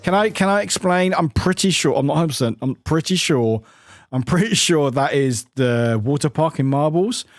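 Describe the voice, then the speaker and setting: A man's voice: fairly high pitch, lively intonation, moderate pace, no room sound, studio quality. A man streaming a game and chatting casually with viewers, rambling, laughing often and swearing casually.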